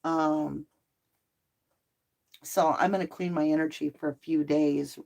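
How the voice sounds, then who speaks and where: Middle aged lady doing a chatty livestream, bit low voice, talks back to the chat. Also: steady tone, slow pace, creaky, a little mellow. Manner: chatty, reads out viewer comments. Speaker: livestream host.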